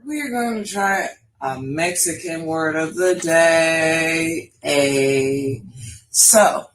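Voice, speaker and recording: A woman's voice: sits low, extremely slow, slight background noise, poor audio. A woman co-hosting a live chat show, running a word game in a dry, unimpressed way. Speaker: podcast co-host.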